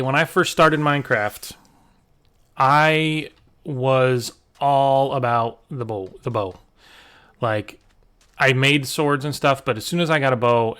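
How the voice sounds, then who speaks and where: A man's voice: medium pitch, a bit bright, clear, resonant tone. Guy rambling through his game, lots of ums and restarts, easygoing medium voice. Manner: chatty, rambling with fillers and restarts. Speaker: gaming channel host. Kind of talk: casual let's-play commentary.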